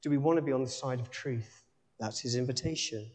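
A man preaching a sermon, emphatic, with dramatic pauses and rising exclamations. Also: mid-range voice, darkish tone. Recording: long hall reverb.

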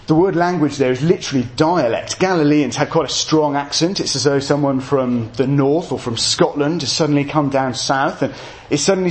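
A man's voice: a little high, slight background noise. A man preaching an evening sermon, explaining scripture with jokey asides to his congregation.

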